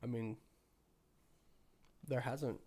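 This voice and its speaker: A man with a cold, hoarse and sniffly, hosting a casual live stream and chatting with viewers while thinking aloud. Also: medium pitch, fairly even intonation, very slow, warm tone. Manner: rambling, thinking aloud with many restarts. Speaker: livestream host.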